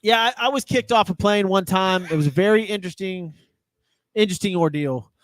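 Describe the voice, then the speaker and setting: A man hosting a casual sports talk show, his voice sitting noticeably high. He riffs fast and laughs a lot, and the sound is dry and close with no room around it. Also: no room sound. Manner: excitable, laughs often, fast riffing.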